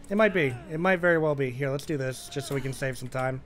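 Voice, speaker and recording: A man's voice: mid-range voice, fast talker, few pauses, fairly bright tone. A young man giving casual, profane commentary while playing a game live and talking to his viewers. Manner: casual and profane, frequent "dude". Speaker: gaming streamer.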